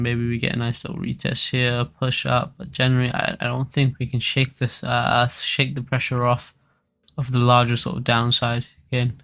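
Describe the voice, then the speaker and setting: A man's voice: medium pitch, gravelly, fairly bright tone. A man giving casual live stream commentary on crypto charts as the analyst, rambling with lots of fillers and restarts.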